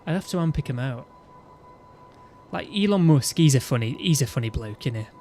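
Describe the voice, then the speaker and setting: A man's voice: medium pitch, expressive, fairly quick, a little mellow, faint music behind. A man, chatting casually and ranting in a rambling way, often restarting his sentences. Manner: rambling, with frequent restarts and "you know what I mean". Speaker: gaming video host.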